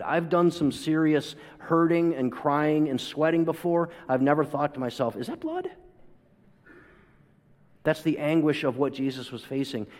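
A long hall reverb colors this recording of a pastor preaching. His slightly mellow, mid-range voice swings dramatically as he acts out quoted speech and throws out rhetorical questions.

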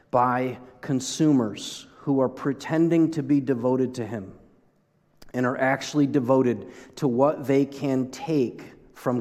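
A man preaching a sermon as pastor, conversational and animated, often breaking off and restarting his sentences. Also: medium pitch, in a large hall. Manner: conversational, animated, self-interrupting.

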